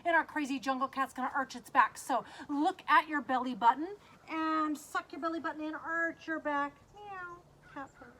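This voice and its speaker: A woman's voice: high-pitched, fairly even intonation, normal speed, few pauses, sharp tone, slight background noise. A woman leading a guided kids yoga class, cueing poses in an upbeat, playful way and making animal sounds.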